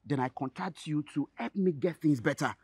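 Nigerian pidgin lover boy, high husky voice, animated. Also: normal speed, no echo, studio quality. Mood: anxious. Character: lovesick rich young Nigerian man, anxious then boastful.

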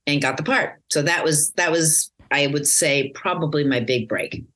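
Middle-aged american woman, really low voice, chatty and rambly, lots of ums. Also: moderate pace. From United States. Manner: rambling, warm storytelling with many fillers and restarts. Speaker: actress guest. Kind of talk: casual interview chat.

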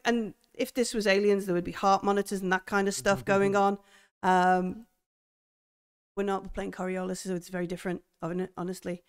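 A woman game master describing a horror scene in a tabletop game, halting as she goes. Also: medium pitch, flat delivery, clear, resonant tone. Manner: halting, full of fillers and restarts.

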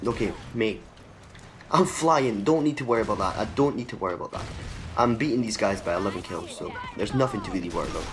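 A young man with a lowish voice commentates live gameplay and reacts loudly to every kill. He swears and taunts the opponents. The game's sounds run clearly underneath him. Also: fairly quick, noisy background. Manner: excitable, swears freely, talks to the players on screen. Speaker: gaming channel host.

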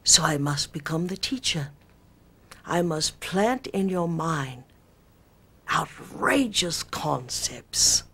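A woman's voice: deep voice, lively intonation, slow pace, a bit bright, breathy edge, heavily acted. A woman voicing an ancient male spirit teacher in a put-on British accent, making archaic, pompous pronouncements. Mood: solemn.

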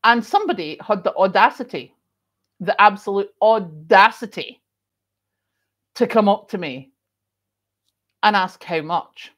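A middle-aged woman with a Scottish accent, hosting a casual chat and telling stories in an expressive way, with emphatic repeats. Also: mid-range voice, measured pace, long pauses. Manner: chatty and expressive, with emphatic repetition. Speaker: host.

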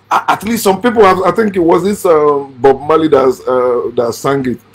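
Man, husky voice, fairly high pitch, blunt lecturing monologue, swings loud to quiet. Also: a little slow. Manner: swings between shouting and quiet. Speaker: channel host.

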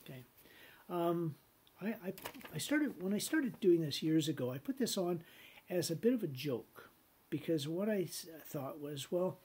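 A middle-aged man teaching business law in a conversational lecture, telling stories, acting out quoted voices and clearing his throat often. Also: a little high, lively intonation, normal speed, warm tone. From Canada.

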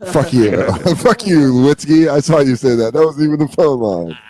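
A man's voice: medium pitch, sing-song, normal speed, a crowd in the background. A man co-hosting a comedy podcast, joking crudely and sarcastically in casual chat. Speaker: podcast co-host.

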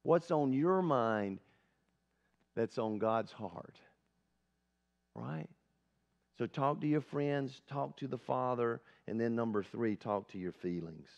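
A man's voice: mid-range voice, animated, takes it slowly, gravelly, pauses often, a little mellow. A male pastor giving an earnest, conversational sermon at a church service, often asking the congregation questions. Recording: dull lo-fi sermon recording.

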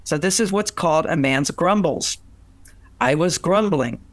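Older man, relationship author as guest, slightly higher-pitched voice, dry close sound, animated anecdotes with playful acted-out quotes and restarts. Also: a little slow, no echo. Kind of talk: conversational storytelling interview.

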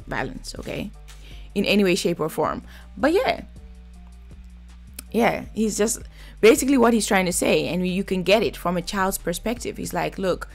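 A woman giving blunt, chatty commentary while reviewing a reality TV episode. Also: mid-range voice. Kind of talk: casual reaction commentary.

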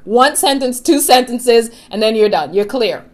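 A middle-aged woman coaching viewers in an earnest motivational talk. She is emphatic and slows down to stress key phrases. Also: fairly high pitch, animated, darkish tone. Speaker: law of attraction coach and show host.

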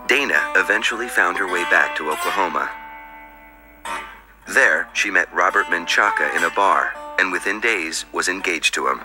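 A man reading scripted documentary narration in a measured, somber way. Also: sits low. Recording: music bed behind voice. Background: music.

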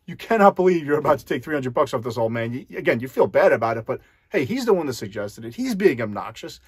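Here a man who does magic explains a card con to camera, step by step and conversationally, addressing whoever's watching. His mid-range voice swings widely in pitch, and he talks fast with a breathy edge; the studio-quality audio carries no room sound.

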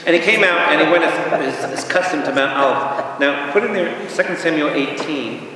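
New priest, lively Bible teacher, quizzes the crowd, distant echoey hall. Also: male voice, on the high side, moderate pace, slight background noise. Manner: animated, asks the audience questions, acts out quotes.

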